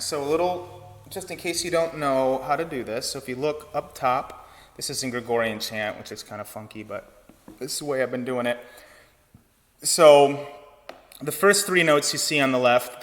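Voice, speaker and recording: A man giving an online choir lesson, explaining breath and vowel shape in a relaxed teaching manner. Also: on the high side, long reverb tail. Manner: relaxed teaching talk with sung demonstrations. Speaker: choir director. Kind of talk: online vocal technique lesson.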